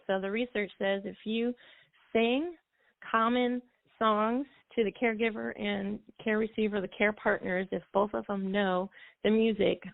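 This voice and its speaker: A woman's voice: mid-range voice, creaky, no room sound. A woman music therapist explaining things at length in easy flowing talk, with a few fillers, as a guest on a call-in show. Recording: dry phone line.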